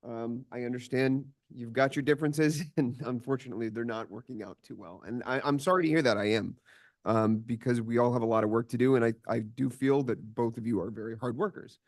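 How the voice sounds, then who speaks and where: Male chair, mid pitch, hesitant peacemaker at a council meeting. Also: fairly quick. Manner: conciliatory, hesitant, many fillers and restarts. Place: commission meeting chamber.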